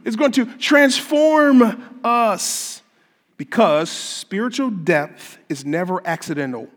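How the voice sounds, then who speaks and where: Emphatic preaching man in a reverberant hall. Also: a little high. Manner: emphatic preaching, rising to loud climaxes. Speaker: pastor. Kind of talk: sermon. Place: church sanctuary.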